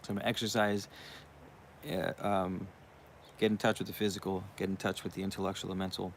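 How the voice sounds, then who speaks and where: A young man with a low, gravelly voice talks through a loose, profane monologue, circling back with asides as he goes. A faint bed of room noise sits under his voice. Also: level tone, fairly quick. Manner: profane, rambling, uses you know what I mean often. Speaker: channel host. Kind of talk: casual monologue.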